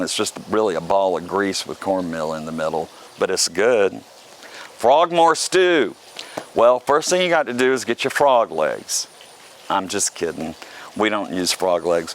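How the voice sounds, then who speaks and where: A man from the South Carolina coast, chatting casually and joking as a video host, with a faint hum behind him. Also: lowish voice. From South Carolina Lowcountry. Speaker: vlog host. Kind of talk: casual talk to camera. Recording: faint background noise.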